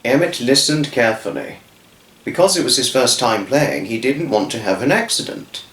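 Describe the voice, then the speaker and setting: A man telling a children's story off the cuff, halting and restarting his words. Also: mid-range voice, expressive, fairly bright tone, echoey room. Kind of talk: improvised storytelling.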